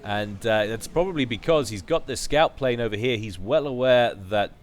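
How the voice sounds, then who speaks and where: A man's voice: medium pitch, normal speed. A man giving casual, chatty play-by-play commentary on a strategy game, with joking asides. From United Kingdom.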